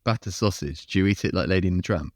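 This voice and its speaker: A man's voice: sits low, fast talker, no room sound, studio quality. A man as a podcast guest in casual chat, teasing and playful, laughing often. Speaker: podcast guest, band member.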